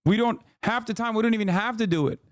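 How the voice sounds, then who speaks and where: A man's voice: high voice, fast, no room sound, studio quality. A man streaming a reaction video, giving heated, sarcastic political commentary full of swearing.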